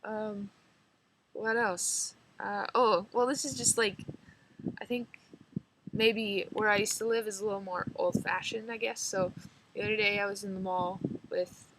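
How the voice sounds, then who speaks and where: A woman's voice: mid-range voice, fairly even intonation, a little slow, fairly bright tone, slight background noise, poor audio. A teenage girl with a slight rural drawl, chatting casually to her camera in a rambling, giggly way, full of "like". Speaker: vlogger.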